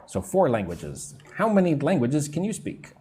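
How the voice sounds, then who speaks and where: A man teaching an English lesson on a live stream, reading out viewers' comments, answering them casually, and slowly drilling pronunciation. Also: fairly high pitch, wildly swooping pitch, warm tone, slightly rough. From United States. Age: adult, not young.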